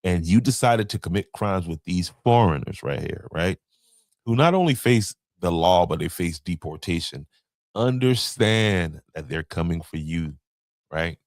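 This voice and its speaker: A man's voice: deep voice, expressive, measured pace, no room sound. A man hosting a podcast, talking loosely in slang and stumbling over names as he runs through a list. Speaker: podcast host. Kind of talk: casual commentary.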